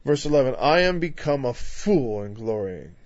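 A man preaching a conversational Bible-teaching sermon. He is emphatic, builds louder through lists and drops in frequent "you know" asides. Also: medium pitch, very animated, normal speed, no room sound. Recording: dull, dry lo-fi recording.

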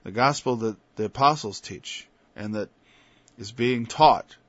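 A man preaching an informal sermon, moving from quiet asides to loud, emphatic passages and quoting scripture in old-fashioned wording. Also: mid-range voice, a little slow, no room sound. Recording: dull, lo-fi sound.

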